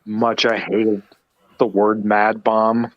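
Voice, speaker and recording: A man's voice: on the low side, flat delivery, takes it slowly, no echo. Chatty male co-host who restarts his sentences, heard over a dull, dry lo-fi remote line. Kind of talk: casual chat.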